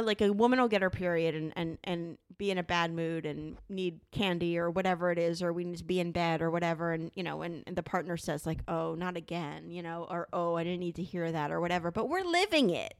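Middle-aged woman venting to her partner, gravelly fry, dry close sound, gets loud and high when she pushes a point. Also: no echo. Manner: emphatic, animated, rising high when insistent. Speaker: podcast co-host, wife. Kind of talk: candid couple conversation.

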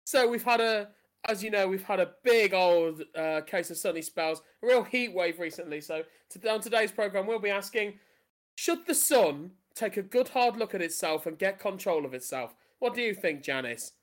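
A cheeky local radio weather presenter, played by a performer in an improv comedy game. The voice sits mid-pitch, and the delivery is jokey and playful. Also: expressive, normal speed, close to an everyday voice.

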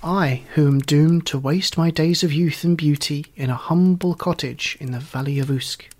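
A man's voice: a little high, normal speed, a little mellow. A man voicing a romantic, self-admiring young woman in a storybook reading, speaking in an earnest, exclamatory way.

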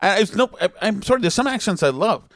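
A man's voice: high voice, expressive, fast talker, fairly bright tone. A man hosts a casual podcast, telling stories in a rambling, stop-start way. His voice rises and falls widely as he talks. The sound is dry and close, with no room echo. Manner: rambling, self-interrupting storyteller. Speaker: podcast host. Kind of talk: casual chat reading listener messages.

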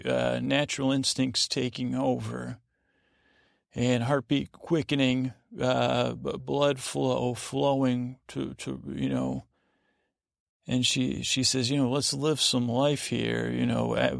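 Male podcast host, heavy vocal fry, mid pitch; meandering bedtime monologue full of asides and restarts. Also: fairly even intonation, a little slow, no room sound, studio quality. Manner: meandering, digressive, with many fillers and self-corrections. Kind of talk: rambling bedtime podcast recap.

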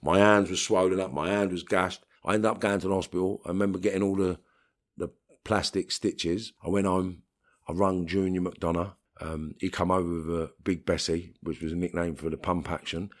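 A middle-aged Englishman with a London accent speaks in a low voice with flat delivery at a moderate pace. He's an interview guest telling blunt, streetwise stories, swearing and acting out voices when quoting people.

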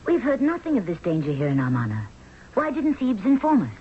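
A woman's voice: medium pitch, wildly swooping pitch, brisk, slight background noise. An actress playing a proud, idealistic Egyptian queen in a 1970s radio drama, speaking in a haughty way. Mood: alarmed. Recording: dull lo-fi radio recording.

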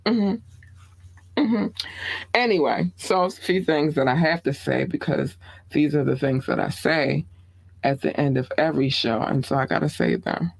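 A woman's voice: measured pace, gravelly, slightly rough, no room sound. Laid-back Baltimore-accented woman podcast host. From Baltimore, USA. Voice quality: animated, swooping up high when excited. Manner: laid-back, blunt, frequent "um" and laughter. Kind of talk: casual podcast sign-off chat. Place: small home studio.

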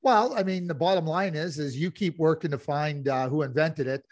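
A middle-aged man talks hockey on a podcast, circling back and restarting his sentences as he tells his stories. His voice sits a little high. The sound is dry and close, with no room around it. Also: normal speed, dry recording. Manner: rambling, many restarts, tells anecdotes. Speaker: podcast co-host. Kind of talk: casual hockey chat.

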